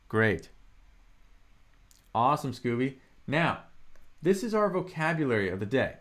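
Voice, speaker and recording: A young man leading a live-streamed language lesson at an unhurried, deliberate pace. He sounds upbeat and encouraging, with a mid-pitched voice, modelling each word and inviting the viewers to repeat after him. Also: very animated, a bit bright. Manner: upbeat, encouraging, drills words and tones. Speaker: Mandarin pronunciation teacher.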